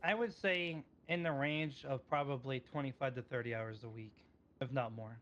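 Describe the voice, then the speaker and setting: A man's voice: medium pitch, moderate pace, fairly bright tone, muffled recording. A man in a casual gaming role-play, applying for a police job, answering politely and hesitantly with many fillers.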